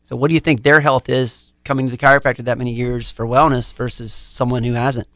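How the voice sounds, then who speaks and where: A man's voice: mid-range voice, flat delivery, fast, fairly bright tone, dry recording, studio quality. A middle-aged man, a chiropractor, explaining his practice confidently in a podcast interview. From United States.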